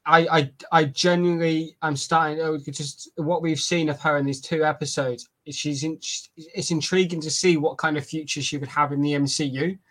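A British man co-hosting a podcast, chatting casually in an animated way. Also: a little high, moderate pace, few pauses. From Britain. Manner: animated, restarts often. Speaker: podcast co-host.

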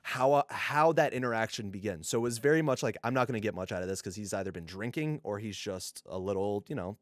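A man co-hosting a casual podcast, telling animated stories and acting out what people said. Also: fairly low pitch, fast, dry recording, clean studio sound. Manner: storytelling, animated, swearing, acting out quotes. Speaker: podcast co-host.

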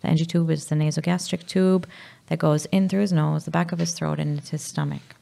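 A Maltese-accented woman, a mother talking candidly about her sick child, pausing and searching for her words. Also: deep voice, steady tone, creaky, mellow. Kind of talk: candid emotional conversation.

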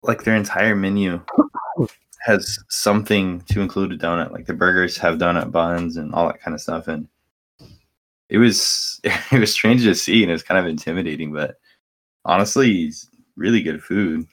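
A man's voice: low-pitched, normal speed, a bit bright. A young man co-hosting a podcast, chatting casually with lots of fillers and restarts. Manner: rambling with many fillers and restarts. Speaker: podcast co-host. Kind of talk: casual chat.

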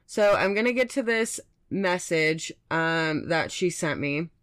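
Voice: medium pitch, expressive, takes it slowly, fairly bright tone, clear, resonant tone, no echo. Fired-up podcast host ranting, dry sound. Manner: impassioned, ranting, swears often; rambling with restarts and tangents. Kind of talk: unscripted solo monologue.

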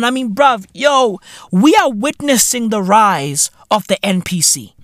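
A man hosting a podcast with British slang, ranting in a comic monologue with profane, animated jokes. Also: very high voice, a little slow, dry recording, clean studio sound. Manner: animated, profane, slangy, laughing between lines. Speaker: podcast host. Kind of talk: comedic rant monologue.

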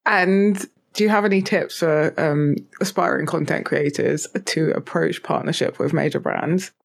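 An interviewer with a British-style accent keeps things light and playful. The interviewer laughs readily between questions, and the voice sits at a middle pitch. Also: steady tone, normal speed, creaky. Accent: British or Commonwealth. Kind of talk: casual interview.

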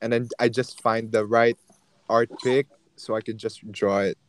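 A man's voice: mid-range voice, flat delivery, normal speed, slight background noise. A teenage boy chatting casually on a remote call and asking the group questions, easygoing. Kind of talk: casual chat.

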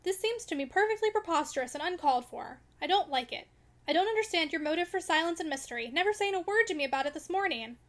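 A woman's voice: very high voice, expressive, fast talker, a bit bright. A woman voicing a restless young wife in an audiobook reading, indignant and pleading in turn. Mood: hurt. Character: restless young wife, hurt and sharp-tongued.

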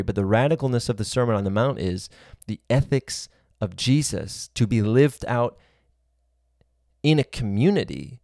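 A man's voice: fairly low pitch, darkish tone, dry recording, studio quality. A man giving a sermon-style teaching, earnest and reasoning aloud, building his points in long spoken lists.

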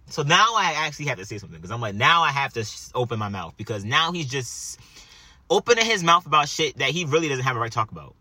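Bright, husky young man telling a story. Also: mid-range voice, quick pace, no room sound. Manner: animated, profane anecdote telling with quoted dialogue. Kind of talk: casual chat.

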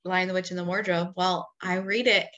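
Casual female co-host, thirties, crisp bright tone, laughs easily. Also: fairly low pitch, moderate pace, highs cut off. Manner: animated, laughs often. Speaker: podcast co-host. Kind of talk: casual chat.

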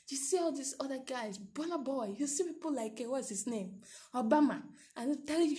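A young woman with a Nigerian accent chats as a co-host, her voice set slightly higher than most. She talks in a lively, theatrical way, full of exclamations and laughter. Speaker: podcast co-host. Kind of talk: casual chat.

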